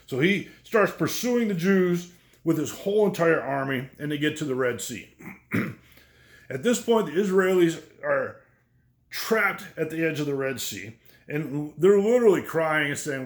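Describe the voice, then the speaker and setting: A man's voice: fairly high pitch, animated, normal speed, echoey room. A man teaching a lesson on biblical history in a conversational way, often checking in with the listeners. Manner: conversational, checks in with "right?" and "okay?".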